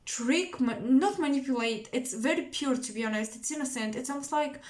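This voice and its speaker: A woman's voice: high voice, a little mellow. Musing woman tarot reader, echoey room. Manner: dreamy, musing, searching for words with many pauses. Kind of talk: intuitive tarot reading to camera.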